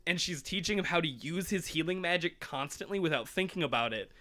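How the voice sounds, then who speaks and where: A man co-hosting a podcast, retelling a manga in lively casual chat, acting out characters and swearing freely. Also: a little high, fairly quick. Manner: animated storytelling, acts out characters, swears. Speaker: podcast co-host.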